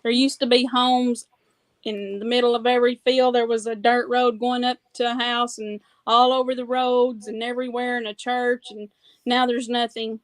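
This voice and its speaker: A woman's voice: on the high side, flat delivery, normal speed. A middle-aged woman from Northeast Arkansas with an Arkansas accent, telling easygoing stories as a guest. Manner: easygoing anecdote teller. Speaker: guest, mother of a guest. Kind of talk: casual chat.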